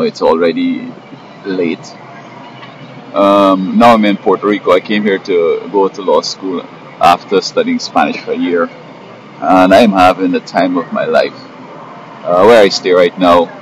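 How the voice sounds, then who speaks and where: A man talking at length in a rambling, aggrieved personal monologue, halting and restarting often. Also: sits low, noisy background. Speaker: vlogger.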